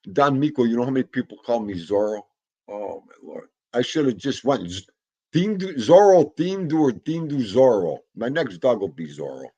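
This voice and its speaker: A man's voice: medium pitch, warm tone, breathy edge, highs cut off. A man, chatting casually and jokingly in a rambling way while talking to his dog. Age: 50s. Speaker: vlogger. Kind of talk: casual chat.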